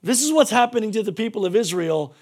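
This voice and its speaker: High-voiced pastor preaching emphatically. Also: male voice, animated, quick pace. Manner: emphatic, swinging from shouts to hushed. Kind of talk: sermon.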